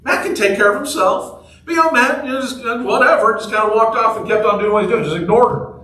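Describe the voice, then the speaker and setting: An extremely high-pitched man speaks fast with a sharp tone as he preaches a casual, jokey sermon, telling stories and questioning the people in the pews. This pastor is heard from far off in an echoey church sanctuary, with a little hiss or hum.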